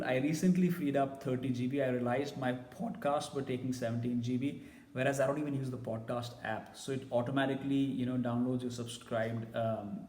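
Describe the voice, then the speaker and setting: A man's voice: medium pitch, a little mellow, echoey room, in a large hall. A man giving a casual, blunt and opinionated tech review.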